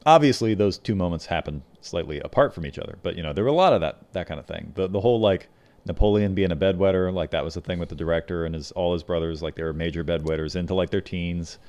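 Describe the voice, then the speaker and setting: Man telling stories in a low voice. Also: fast talker. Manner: relaxed storytelling, retelling anecdotes with quoted voices. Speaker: podcast co-host. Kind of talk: casual chat.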